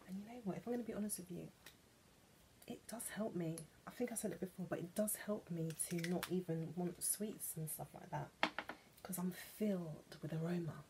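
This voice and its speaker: A woman from England chatting playfully about perfumes, gushing and now and then dropping into soft whispers. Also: on the low side, moderate pace, heavy background noise. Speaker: perfume vlogger. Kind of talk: chatty vlog.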